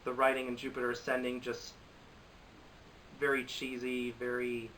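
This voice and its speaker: Bright-voiced exasperated young man reviewing movies. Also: mid-range voice, monotone, moderate pace, recorded from a distance, a little hiss or hum, rough recording. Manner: rambling, exasperated, restarts a lot. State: recovering from a cold. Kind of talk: casual commentary to camera.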